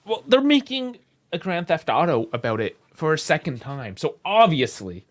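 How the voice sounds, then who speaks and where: A man's voice: a little high, very animated, normal speed. A man co-hosting a casual call-in sports podcast, telling rambling, joking stories. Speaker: podcast co-host. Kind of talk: casual call-in show chat.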